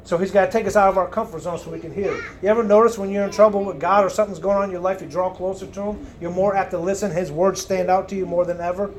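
Male preacher, high voice, loud and emphatic, faint noise in the room. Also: steady tone, fast talker, hardly any pauses. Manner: loud, emphatic, swings between booming and hushed. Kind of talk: sermon.

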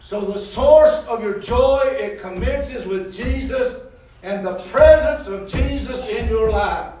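Male pastor, folksy sermon testimony, high voice, far off in a roomy echo. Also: lively intonation, moderate pace. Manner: folksy storytelling, rising to shouts. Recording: echoey room heard from afar.

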